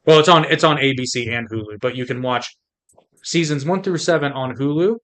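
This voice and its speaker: A man's voice: mid-range voice, a little fast, fairly bright tone. A man co-hosting a podcast, chatting easily and joking. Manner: easygoing, joking, recommends shows. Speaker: podcast co-host. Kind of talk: casual chat.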